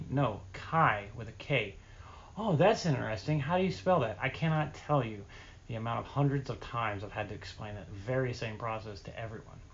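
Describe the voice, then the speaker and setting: A man's voice: medium pitch, gravelly, a bit bright, lo-fi sound. A man chatting casually to camera as a vlogger, telling rambling stories about himself in a chatty way. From Appalachia, East Tennessee.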